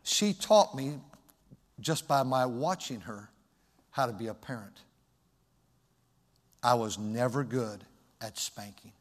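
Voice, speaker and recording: A man's voice: mid-range voice, slow, pauses often, in a large hall. A male pastor preaching a sermon, telling a personal story in a reflective, folksy way.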